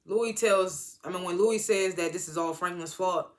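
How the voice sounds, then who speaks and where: A man's voice: high voice, normal speed. A man giving a casual, rambling, slangy recap of a TV episode as a reviewer. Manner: rambling slangy retelling with acted-out quotes. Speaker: TV show reviewer.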